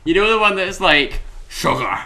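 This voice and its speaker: Sharp, lively young Scottish man. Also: a little high, normal speed. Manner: bantering, teasing, swears a lot. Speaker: let's play co-host. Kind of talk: casual gaming commentary.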